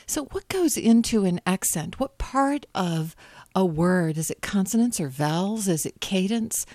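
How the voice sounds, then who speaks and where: A woman's voice: medium pitch, animated, a little slow, a little mellow, no room sound, clean studio sound. A woman hosting a radio show, reading a scripted introduction and asking curious, conversational interview questions.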